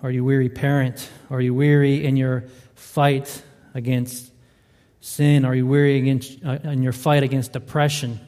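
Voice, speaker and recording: A man's voice: medium pitch, little pitch movement, moderate pace, dark tone. A man preaches a sermon, pressing his point through repeated, emphatic rhetorical questions. His mid-range voice carries a long reverb from the church hall around him. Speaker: pastor.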